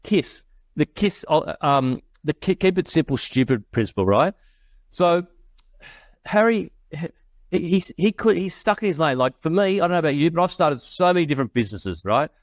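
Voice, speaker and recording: This guest investor, a middle-aged man from Australia, has a fairly high, sing-song voice at normal speed, recorded with no echo. He laughs often while telling business stories on a casual podcast, doing voices for the people he quotes.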